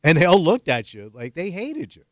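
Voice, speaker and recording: A man's voice: fairly high pitch, moderate pace, no room sound. A man from New Jersey, a radio co-host, telling stories in casual banter with blunt jokes. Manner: animated storyteller, blunt jokes. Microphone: studio microphone. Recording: dry studio sound.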